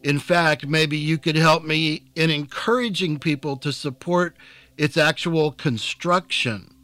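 A man's voice: a little high, fairly even intonation, measured pace, sharp tone, no room sound. A man voicing an earnest, determined man who argues his case steadily and persuasively in a novel reading. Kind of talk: scripted narration.

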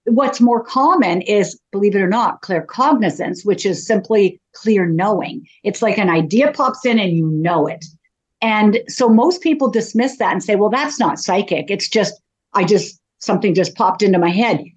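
A woman's voice: medium pitch, animated, normal speed. A woman, a psychic medium, talking casually in an interview as a chatty, self-deprecating storyteller.

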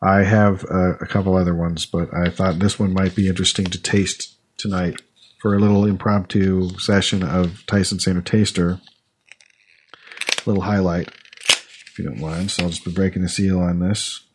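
With a deep voice and flat delivery at normal speed, a podcast host tastes snacks in a casual chat, musing aloud with fillers as he eats. A little hiss or hum runs through the audio.

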